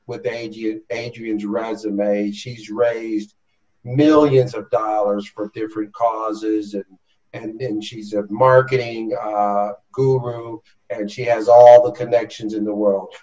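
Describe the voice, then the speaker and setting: A man hosting an interview, warmly effusive and repetitive, often restarting his phrases. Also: lowish voice, steady tone, measured pace. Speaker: host. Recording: slightly dull lo-fi audio.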